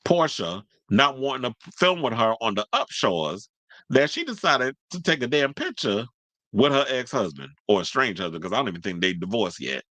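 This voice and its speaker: A man's voice: mid-range voice, sing-song, moderate pace, bright, forceful tone, no echo. A man giving casual celebrity gossip commentary, sassy and blunt, reading out news and riffing on it. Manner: sassy, blunt, reads news aloud and then riffs on it.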